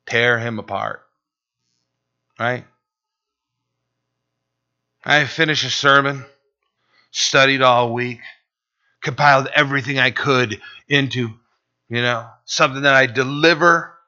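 A man's voice: mid-range voice, takes it slowly, pauses often, pushed and bright. A man preaching as a pastor, emphatic and drawn out, often asking "right?". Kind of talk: sermon. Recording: dull lo-fi recording.

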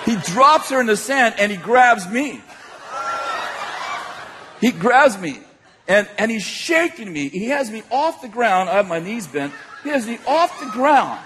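A man preaching a sermon as an animated storyteller, laughing often as he tells a story to a hall audience. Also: high-pitched, a little slow, a little hiss or hum. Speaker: pastor. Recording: echoey hall.

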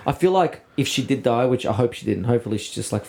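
A man's voice: medium pitch, animated, fast, gravelly, a little mellow. A young man telling a rambling, swearing story in casual chat, often putting on voices for the people he quotes. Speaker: podcast co-host.

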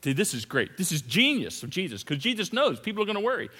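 A man preaching a sermon as pastor, swinging between loud emphatic repetition and hushed asides. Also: high-pitched, very animated, fast, breathy edge. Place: large church hall. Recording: long reverb of a big hall.

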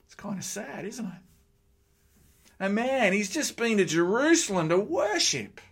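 A middle-aged man preaching a sermon, with lively joking asides to the congregation. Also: high voice, a little slow, husky.

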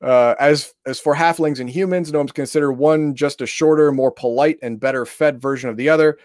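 A man's voice: a little high, steady tone, brisk, a little mellow, no room sound, clean studio sound. A man reading tabletop game rules aloud in casual chat, breaking into exasperated, profane rants.

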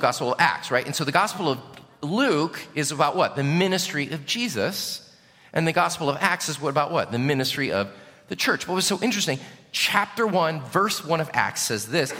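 Male pastor, sermon delivery, bright and forceful tone, long church reverb. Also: fairly high pitch. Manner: animated, asks the congregation questions. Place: church sanctuary.

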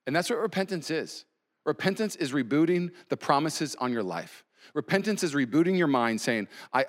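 A man in his thirties preaching a sermon as pastor, animated, with sudden loud exclamations. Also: on the high side, moderate pace.

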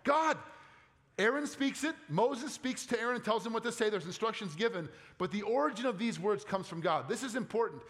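A male pastor preaching in a church, his voice a bit higher than most men's. He talks earnestly and conversationally, sinking soft and low when he reads scripture. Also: lively intonation, fairly quick. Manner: conversational asides with playful quoted voices. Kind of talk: sermon.

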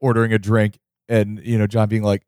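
Man, lowish voice, casual podcast co-host, eager storyteller, dry mic. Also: monotone, a little fast, a little mellow, smooth, no room sound. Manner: enthusiastic storyteller, stammering restarts.

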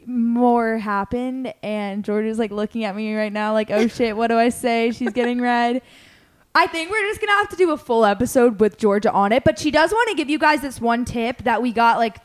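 Young female podcast host, slightly high-pitched, casual and animated storyteller. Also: moderate pace. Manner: animated, acts out quotes, many "like" fillers.

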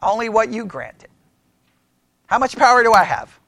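Male pastor, sermon-lecture; high pitch, dry sound; animated, quizzes the congregation, stumbles and restarts. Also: moderate pace, creaky, dry recording. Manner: animated, asks the room questions, mimics critics; restarts and repeats words often. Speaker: pastor teaching church history. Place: church meeting room.

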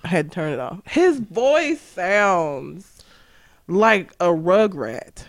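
A man's voice: high voice, big pitch swings, slow pace. A man co-hosting a casual podcast, ranting bluntly with strong opinions. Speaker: podcast co-host. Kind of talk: casual chat.

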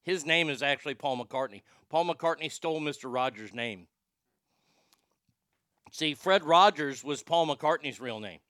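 Sarcastic, profane man ranting with bright voice. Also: a little high, measured pace, dry recording, clean studio sound. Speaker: podcast host. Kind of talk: ranting comedic commentary.

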